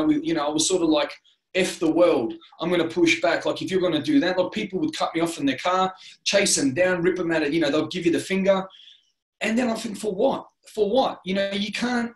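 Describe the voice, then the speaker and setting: A middle-aged Australian man telling his life story as an interview guest, earnest and rambling, with many restarts. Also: high voice. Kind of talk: candid personal storytelling. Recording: roomy echo.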